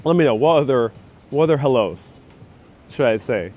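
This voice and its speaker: A man's voice: medium pitch, expressive, moderate pace, darkish tone. Chatty man live-streaming a street walk. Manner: chatty and upbeat, laughs often. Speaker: live-stream host walking the city. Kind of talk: casual live-stream chat reading viewer comments. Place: outdoors on busy city streets. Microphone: wireless clip-on mic with phone on gimbal.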